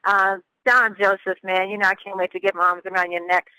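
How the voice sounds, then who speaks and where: An excited pastor closes out a motivational conference call, piling on thanks and encouragement. The voice is bright and forceful, and the sound is dry and close. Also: mid-range voice, fairly quick, clear, resonant tone, no room sound, low-quality recording. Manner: effusive, gushing, repeats phrases. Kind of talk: hyped-up motivational call host.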